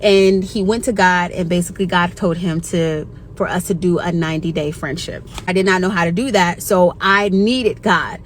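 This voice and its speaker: A woman's voice: lowish voice, moderate pace, hardly any pauses, a little hiss or hum. Earnest woman sharing a faith story. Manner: earnest, heartfelt testimony. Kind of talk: faith-based personal story.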